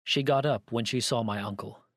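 A man reads a classic story aloud in a measured, even manner. His pitch sits in the middle range. The recording is close and dry, with no room sound. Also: dry recording. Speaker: narrator. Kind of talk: scripted narration of a story.

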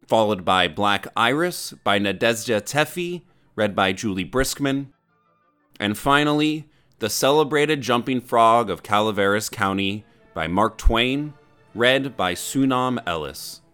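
A man's voice: lowish voice, animated, unhurried, fairly bright tone, smooth, soft background music. A man hosting a podcast, reading an upbeat scripted introduction. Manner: upbeat, announcing. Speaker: podcast host, artistic director.

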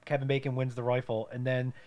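Guy cohosting a movie podcast, swears a lot, jokey, acts out scenes, middle pitch. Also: fast talker. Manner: joking, crude, animated retelling with put-on voices. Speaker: podcast co-host. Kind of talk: casual movie-review chat.

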